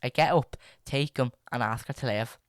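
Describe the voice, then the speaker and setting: A man's voice: medium pitch, moderate pace, smooth, no room sound, studio quality. A young man, chatting casually and reading stories aloud as a podcast host, rambling with many fillers and restarts.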